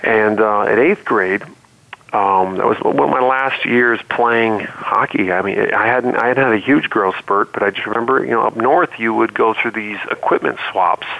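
Interview guest: low gravelly man, phone-line sound, loose rambling storyteller. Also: moderate pace. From Cleveland, Ohio area. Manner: relaxed, rambling with many fillers and restarts. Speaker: interview guest, former pro basketball player. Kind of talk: storytelling in conversation.

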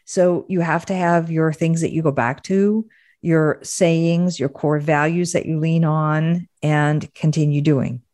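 A woman's voice: deep voice, steady tone, measured pace, darkish tone, dry recording. A woman hosting a podcast interview, affirming her guest and summarizing the takeaways. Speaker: podcast host. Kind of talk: interview and show wrap-up.

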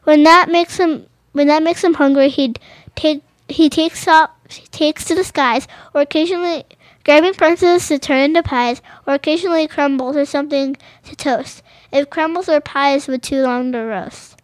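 High-voiced woman reading picture books aloud. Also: steady tone, normal speed, no echo. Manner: stumbling and rereading phrases, adding casual commentary. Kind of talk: reading children's books aloud with chatty asides.

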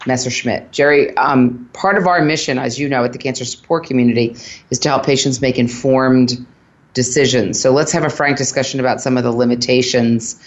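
A man's voice: mid-range voice, steady tone, brisk. A radio show host, a man with an ordinary mid-range voice, guides the conversation with earnest questions. He sums up the advice for listeners in plain terms, and his recording sounds a little dull and lo-fi. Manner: earnest, guiding questions, summarizing. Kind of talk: radio interview.

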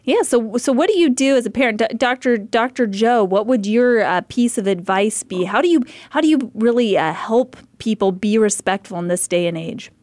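A woman's voice: on the high side, moderate pace, few pauses, darkish tone, no room sound. A woman in her forties hosting a radio talk, thoughtful and rambling as she shares her views. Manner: thoughtful, rambling, restarts phrases. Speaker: radio host.

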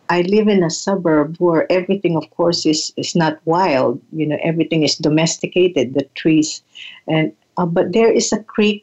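An older woman telling reflective stories in an unhurried, halting way, often repeating words as she thinks. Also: sits low, a little mellow, muffled recording. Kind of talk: reflective storytelling.

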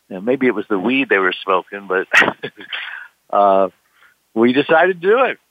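A man's voice: fairly low pitch, lively intonation, a little slow, no room sound. An older man telling a long personal story, rambling with lots of fillers and acting out the voices of people in it. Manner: rambling, with many "you know" fillers, acts out quoted voices. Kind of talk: casual storytelling. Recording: tinny phone line, dry.

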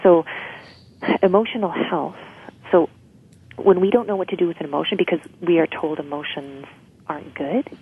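A woman's voice: on the low side, fairly even intonation, normal speed, long pauses, husky. A woman guest explaining emotional healing in an interview, often checking in with "right?". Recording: tinny phone-like line.

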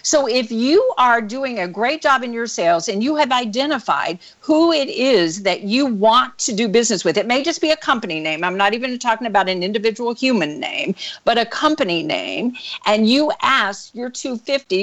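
A woman sales coach with an energetic, animated way of telling stories, speaking as a guest over a call. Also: on the high side, moderate pace, few pauses. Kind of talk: storytelling interview answer. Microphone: call recording.

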